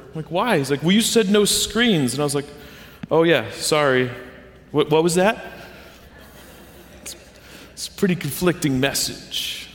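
A man, the pastor, giving a sermon in a conversational, storytelling way, acting out quoted voices. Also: a little high. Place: church sanctuary. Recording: long church reverb.

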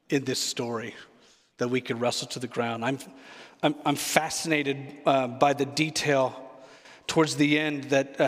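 A man's voice: medium pitch, a bit bright, in a large hall. A man preaching a sermon as a pastor, reflective and earnest, repeating key phrases for weight.

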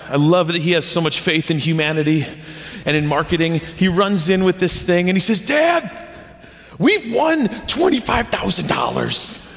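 A man preaches to his congregation in an easygoing, story-driven manner. His voice sits fairly high. Long reverb from the church sanctuary trails each phrase. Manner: conversational storytelling with animated quoted voices. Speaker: pastor. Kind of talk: sermon.

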